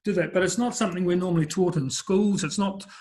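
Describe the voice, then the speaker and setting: An older man, speaking as a business coach in a relaxed interview. His voice sits a bit higher than most men's, and he tells stories in a chatty, rambling way full of fillers. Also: fast talker. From New Zealand. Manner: chatty anecdotal storyteller, frequent fillers. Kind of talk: conversational interview storytelling.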